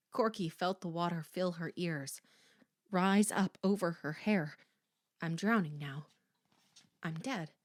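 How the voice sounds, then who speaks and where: A woman reading a horror novel aloud as an audiobook, in a slow, deliberate manner. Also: lowish voice, no echo, studio quality. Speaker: audiobook reader. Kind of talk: audiobook narration.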